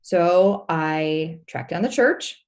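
A woman's voice: fairly low pitch, takes it slowly. A woman, a pastor's wife, telling a personal story as a podcast guest in an earnest, heartfelt way. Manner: earnest, heartfelt, many restarts.

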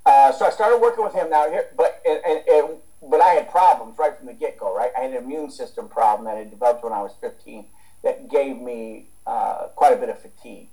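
A man's voice: medium pitch, fairly quick, warm tone, rough recording. A man from the United States, a strength coach talking as a guest in a casual interview, rambling with many restarts and fillers.

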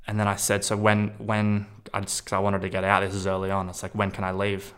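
Young man, low and even-toned, smooth voice; casual, rambling storytelling, candid and profane. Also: fast talker, hardly any pauses. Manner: rambling, candid, with frequent fillers and swearing. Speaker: storyteller recounting a personal experience.

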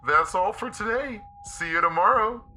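A man's voice: high-pitched, moderate pace, pushed and bright, soft background music, pitched above the performer's own voice. A man voicing an off-key singing animatronic mascot with a sing-song, cheerfully menacing manner. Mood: cheerful menace. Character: creepy singing animatronic badger mascot, male.

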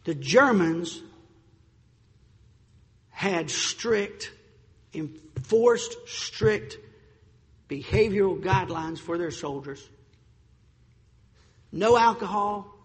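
A man preaching a sermon with emphatic delivery, slowing down to stress key points and sometimes stumbling over words. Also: sits high, animated, big-room sound.

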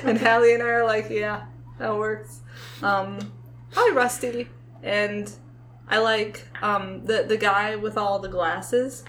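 A young woman co-hosting a podcast, chatting casually about a movie, animated and laughing often. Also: mid-range voice, unhurried, a little hiss or hum. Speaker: podcast co-host.

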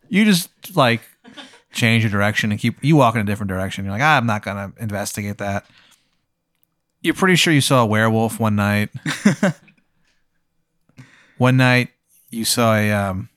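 A man's voice: on the low side, a bit bright, no echo, studio quality. Rambling man spinning a comedy story. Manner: rambling, heavy use of "like" fillers, laughs while talking. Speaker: host and game runner.

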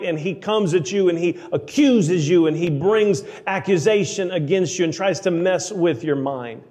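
A man preaching a sermon, emphatic, slowing down to read scripture aloud. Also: high voice, a little mellow, big-room sound. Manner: emphatic, slows for scripture readings.

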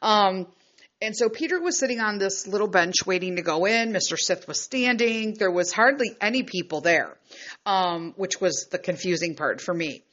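A middle-aged woman tells her story in a frank, heated and profane way. Her voice is bright and edged, and the recording is a little muffled and lo-fi. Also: medium pitch, normal speed. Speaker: vlogger and mother. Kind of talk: casual storytelling.

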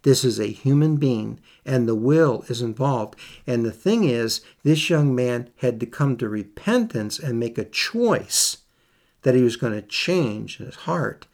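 A man's voice: medium pitch, animated, measured pace, a little mellow. A man preaching a sermon, reading scripture aloud and repeating key phrases for emphasis. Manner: reads scripture in King James wording.

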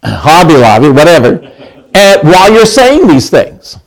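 A man's voice: on the high side, sing-song, unhurried, poor audio. Chatty male pastor asking the pews. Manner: chatty, asks the congregation questions, many restarts. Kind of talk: conversational sermon.

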